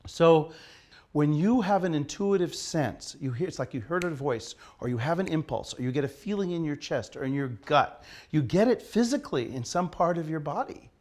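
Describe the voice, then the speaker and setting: A man's voice: on the high side, expressive, moderate pace, a little mellow. A man teaching an acting class in a studio, asking his students questions and leading them through an exercise. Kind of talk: classroom lecture.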